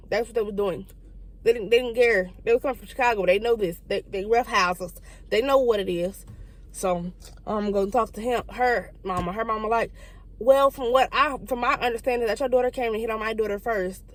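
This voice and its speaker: A young woman telling a profane, animated story and acting out the people in it. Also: mid-range voice. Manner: fast, profane, animated storytelling with quoted voices. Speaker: vlogger. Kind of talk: casual storytime.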